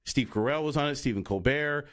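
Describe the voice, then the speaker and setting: A man's voice: medium pitch, brisk. A man co-hosting a podcast in casual chat, rambling through tangents and restarts and acting out quoted lines. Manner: acts out quoted voices. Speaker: podcast co-host.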